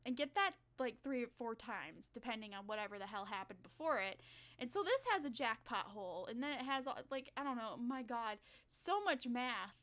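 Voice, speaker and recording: A woman's voice: a little high, animated, moderate pace, fairly bright tone. A young woman streamer reacting to videos in casual, rambling, profane commentary, often getting worked up. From United States. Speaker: Vtuber streamer.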